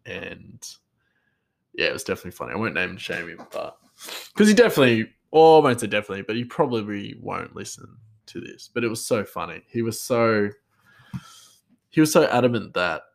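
A man's voice: on the low side, sing-song, fairly quick, vocal fry. A man, a chef, telling a story in a rambling, casual way and chuckling often.

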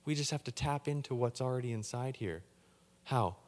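A man's voice: mid-range voice, moderate pace, big-room sound. A man preaching a sermon, getting fired up and tripping over repeated words as he talks. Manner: excitable, gets hyped up when preaching. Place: church hall.

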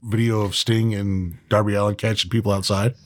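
A man in casual, profane chat, telling animated stories and acting out the people in them. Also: lowish voice, a little fast. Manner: profane, animated storyteller who acts out quotes.

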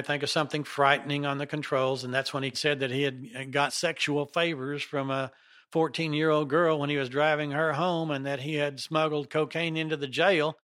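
A man telling his own story in a casual, animated way, often restarting his sentences. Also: on the high side. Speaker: interviewee recounting his story.

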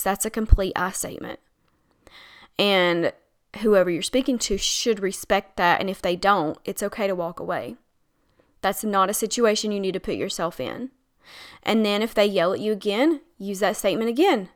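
A woman's voice: medium pitch, moderate pace. A woman hosting her own podcast, giving chatty, encouraging advice on setting boundaries and laughing now and then. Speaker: podcast host and coach. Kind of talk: casual solo podcast advice.

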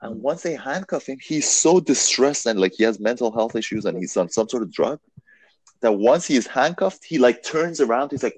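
A man telling a long story in a casual podcast conversation, animated and full of fillers, swearing now and then. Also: mid-range voice, brisk, husky.

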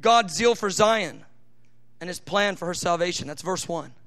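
A man preaching a sermon, teaching from scripture with fervent emphasis, rushing asides and slowing down to stress key phrases. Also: high-pitched, fairly bright tone.

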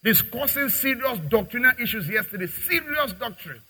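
Man, pastor, sermon, high bright voice, husky, dramatic swings in loudness. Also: lively intonation, moderate pace, low-quality recording. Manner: preaching with dramatic acted-out dialogue and big swings in loudness.

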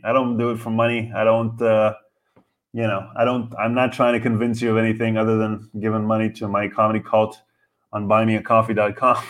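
A male comedian riffs through a casual podcast monologue at a middling pitch. He is animated and profane, piling up rhetorical questions. He jumps from loud bursts to near-mumbled asides.

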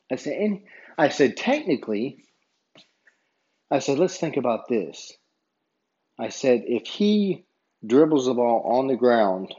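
Man, husky, low voice, rambling casual storytelling, dull lo-fi recording. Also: mellow. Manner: rambling, retells dialogue with many "I said". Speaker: basketball referee.

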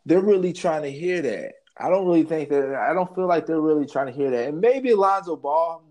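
A man co-hosting a podcast, talking sports in loose, animated chat, laughing often and trailing off mid-sentence. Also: on the high side, fairly quick. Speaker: podcast co-host.

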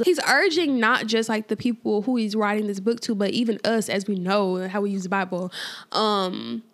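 A woman hosting a casual faith podcast, talking informally with lots of fillers and repeated phrases for emphasis. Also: a little high. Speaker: podcast host.

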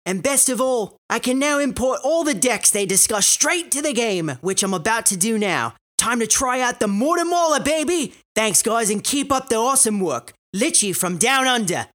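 A man putting on a deliberately terrible Australian accent, reading a fan's message with gleeful, hammy delivery. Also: sits high, very animated, vocal fry, sharp tone, breathy edge, heavily acted. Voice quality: exaggerated, over-the-top put-on accent.

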